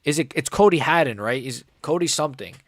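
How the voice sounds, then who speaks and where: A young man hosting a live fight reaction stream, rambling casually with lots of "like" and "bro" while his voice sometimes cracks high. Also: animated, a little fast, no room sound, studio quality. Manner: rambling, filler-heavy, says "like" and "bro" often. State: voice cracking upward at times.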